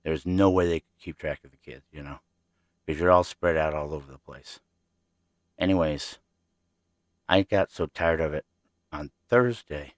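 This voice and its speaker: A man's voice: low-pitched, moderate pace, no room sound, clean studio sound. A man hosting his own podcast, telling childhood stories in a rambling, chatty way and talking straight to his listeners. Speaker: podcast host. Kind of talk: casual storytelling.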